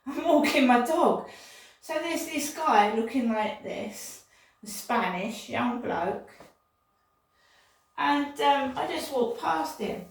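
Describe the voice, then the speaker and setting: A woman's voice: sits high, animated, slow pace, gravelly, slight background noise. An older woman vlogging in a rambling, indignant monologue that often repeats itself. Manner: indignant, repetitive, digressive. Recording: echoey room, distant from mic.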